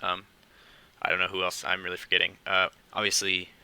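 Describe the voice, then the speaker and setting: Brief: young male podcast host, deep gravelly voice, quiet and halting, home recording at night. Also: completely flat delivery, low-quality recording. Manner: quiet, hesitant, many fillers. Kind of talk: casual solo podcast talk.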